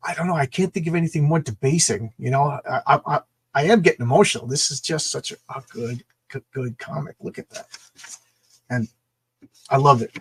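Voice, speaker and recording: A man co-hosting a comic book show, chatting excitably about a comic with many stammered restarts. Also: medium pitch, moderate pace, breathy edge. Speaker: comic book podcast co-host. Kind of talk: casual comic review chat.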